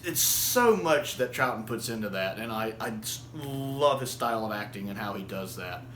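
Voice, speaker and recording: A man casually reviewing a show, enthusiastic and quick to laugh. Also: mid-range voice, a bit bright. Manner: enthusiastic, laughs often, acts out quotes. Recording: echoey room with faint hiss.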